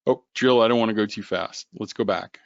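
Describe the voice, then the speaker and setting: A man hosting a live trading webinar, joking and animated as he talks to viewers by name. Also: on the low side, fairly quick, creaky, dry recording. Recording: dull lo-fi webinar audio.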